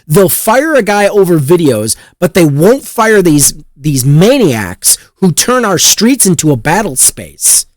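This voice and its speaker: A male podcast host venting about the news in an exasperated, profane rant. His pitch swings widely, and the recording is dry and close with no room sound. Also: very animated, unhurried, hardly any pauses, no echo. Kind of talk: casual news commentary.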